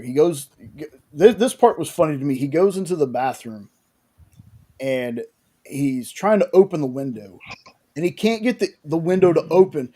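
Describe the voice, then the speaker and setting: A man walks through a TV episode scene by scene, stopping and restarting his sentences as he goes. His voice sits a little high but has a mellow, soft tone. It comes across as relaxed, casual chat. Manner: rambling, with many restarts and "like". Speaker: podcast host recapping a show.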